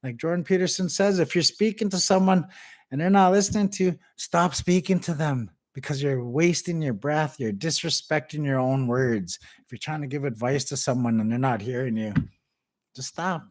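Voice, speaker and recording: A man vlogging, telling a story and giving motivational advice in a casual, animated way. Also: fairly high pitch, moderate pace. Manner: animated, conversational, preachy.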